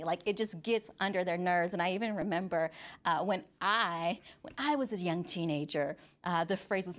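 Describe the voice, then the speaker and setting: A woman's voice: medium pitch, brisk. Playful young woman preaching a sermon. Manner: animated, playful, acts out voices of teens and parents. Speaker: youth minister.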